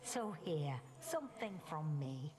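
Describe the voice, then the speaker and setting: An actress with a Northern English accent playing a warm, fiery, motherly hearth goddess who talks in a homely, teasing way. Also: deep voice, big pitch swings, slow, full character voice. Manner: homely, teasing, calls others dearie.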